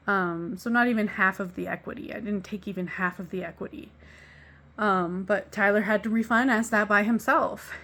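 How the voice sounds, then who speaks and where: A woman's voice: mid-range voice, fairly bright tone. A woman speaking candidly to the camera about a painful breakup. She is emotional and blunt, swearing freely and letting out small laughs to cover the hurt. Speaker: vlogger. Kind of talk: candid personal storytelling.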